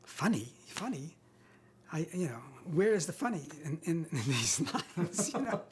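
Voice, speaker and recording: A man's voice: fairly high pitch, big pitch swings, moderate pace, slight background noise. An older man, an actor guest in an interview, telling self-deprecating anecdotes with hesitant restarts.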